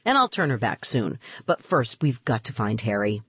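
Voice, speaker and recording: A woman's voice: a bass voice, very animated, fairly bright tone, husky, no room sound, pitched below the performer's own voice, exaggerated voice. A woman reading a children's storybook aloud and voicing a bossy, clever young girl who knows magic. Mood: breezy. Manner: bossy, quick to scold.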